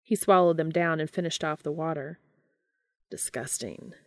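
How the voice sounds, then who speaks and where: A woman narrating a fan fiction audiobook in a calm, even storytelling manner. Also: sits low, fairly quick, dry recording, clean studio sound.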